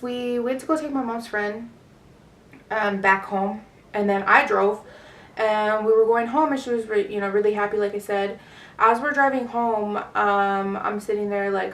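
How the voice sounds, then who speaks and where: A woman's voice: medium pitch, fairly bright tone. Young woman rambling a storytime vlog. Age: 20s. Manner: rambling, lots of fillers and swearing. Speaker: vlogger. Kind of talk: casual storytime. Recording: roomy echo, distant mic.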